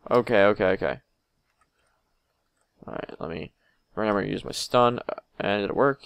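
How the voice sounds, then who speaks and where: A young man giving crude, excitable let's play commentary, talking to the game as he plays. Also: fairly low pitch, normal speed, vocal fry, pauses often, clear, resonant tone, no echo, studio quality. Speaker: gamer.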